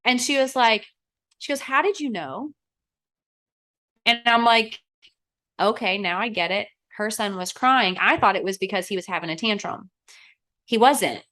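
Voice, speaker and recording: A woman's voice: mid-range voice, normal speed. A woman in her thirties, a real estate agent from Arizona, telling stories in casual chat and acting out what people said. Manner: animated, acts out quotes with a raised voice. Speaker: guest.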